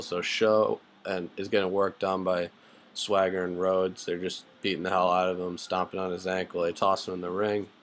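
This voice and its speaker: Low, gravelly-voiced man rambling through a recap. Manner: rambling, filler-heavy, blunt and profane. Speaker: wrestling show reviewer. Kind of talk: casual spoken recap.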